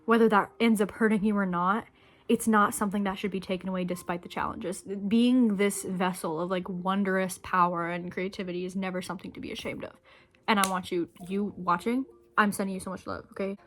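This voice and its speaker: A woman's voice: medium pitch, fairly even intonation, a little fast, fairly bright tone. A young adult woman talking straight to camera in an earnest, rambling, emotional way, swearing casually as she shares her thoughts. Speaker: vlogger. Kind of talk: heartfelt direct-to-camera monologue.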